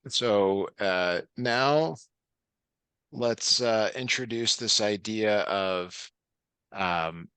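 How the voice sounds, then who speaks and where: Guy tutoring over a video call, really low voice but bright, patient, dry close sound. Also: very slow, clear, resonant tone, dry recording. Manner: patient, encouraging, with many fillers. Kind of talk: online tutoring session.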